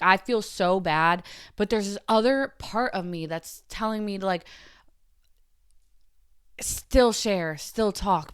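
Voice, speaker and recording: A woman's voice: medium pitch, a bit bright, clean tone, no echo, clean studio sound. A woman hosting her own podcast, talking candidly to her camera in an earnest, emotional way, with many "like" fillers and trailing restarts. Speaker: podcast host. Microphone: camera mic.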